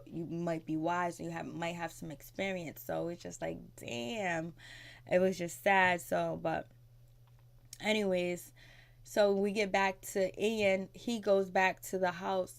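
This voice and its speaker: A woman giving a casual recap of a TV episode, rambling and conversational, frank, with mild swearing. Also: lowish voice. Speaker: TV recap vlogger.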